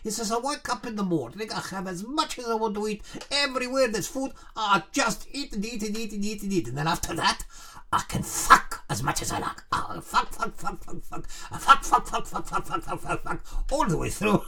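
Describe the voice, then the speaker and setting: A man's voice: high-pitched, expressive, a little fast, pushed and bright, far from the mic, pitched above the performer's own voice, full character voice. A man doing a gleeful dead husband's spirit. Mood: gleeful boasting. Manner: gleeful, boastful, repetitive. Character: dead husband's spirit, boastful, reborn as a rabbit.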